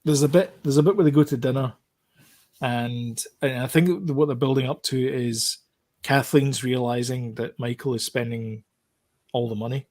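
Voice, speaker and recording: A man's voice: mid-range voice, steady tone, normal speed, a little mellow. Man, podcast co-host, casual chat, rambling, lots of ums. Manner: rambling, many fillers and restarts. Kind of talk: casual chat about TV shows.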